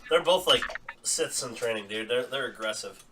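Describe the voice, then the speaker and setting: A man running a tabletop game as dungeon master, chatty and quick to laugh, talking casually at home. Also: mid-range voice. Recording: distant mic with clear background noise.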